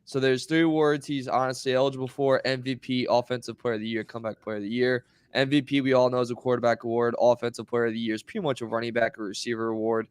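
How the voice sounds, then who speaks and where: Smooth-voiced podcast host. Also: male voice, mid-range voice, little pitch movement, fast, hardly any pauses, no echo. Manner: leads the topics, laughs easily. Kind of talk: casual sports chat.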